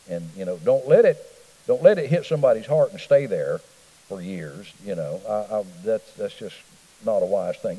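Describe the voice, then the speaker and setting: A man's voice: on the low side, animated, normal speed, warm tone, slightly rough, in a large hall, low-quality recording. A middle-aged man teaching a church Bible study in a folksy, conversational way, often asking the room questions. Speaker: pastor. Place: church hall.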